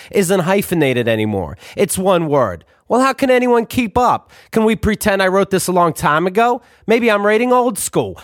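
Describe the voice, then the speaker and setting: A man's voice: fairly high pitch, no echo, clean studio sound. A man reading his own book aloud in a sarcastic, ranting, profane way, throwing in asides to the listener.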